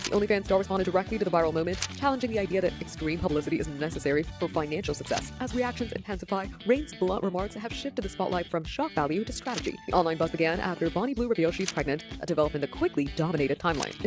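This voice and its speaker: A woman reading a scripted entertainment news report in a formal, even delivery. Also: on the low side. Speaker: news narrator. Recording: narration over loud music.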